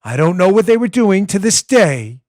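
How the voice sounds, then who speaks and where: A man's voice: high-pitched, sing-song, moderate pace, a little mellow, dry recording, studio quality, pitched above the performer's own voice. A man doing an impression of an older male politician who curtly and emphatically denies everything. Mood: defensive. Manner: curt, emphatic denials.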